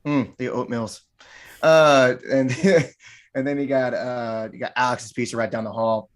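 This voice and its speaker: A man's voice: mid-range voice, fairly even intonation, measured pace. A middle-aged man, a martial arts gym owner and podcast guest, talking casually and rambling, often repeating words and restarting.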